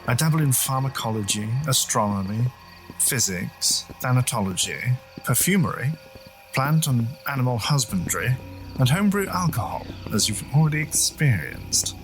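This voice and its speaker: A man's voice: medium pitch, animated, moderate pace, faint music behind, natural voice. A man voicing an eerie, courteous old male professor with a crackly, popping voice and a polished speaker's delivery with a slight accent. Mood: smooth, beckoning.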